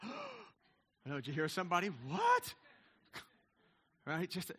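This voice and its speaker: A man's voice: fairly high pitch, fairly even intonation, normal speed, sharp tone. A man in his fifties, a pastor giving a chatty, digressive sermon with frequent asides to the congregation. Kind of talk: conversational sermon.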